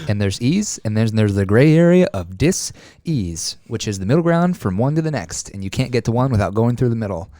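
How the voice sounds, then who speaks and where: Low-voiced male podcast host, upbeat. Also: dark tone, no echo, clean studio sound. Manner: enthusiastic, affirming. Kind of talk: casual interview chat.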